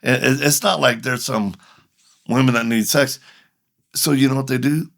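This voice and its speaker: A man's voice: mid-range voice, steady tone, moderate pace, vocal fry, a bit bright. A middle-aged man, a ministry leader and podcast guest, telling a story animatedly, acting out both sides of the dialogue.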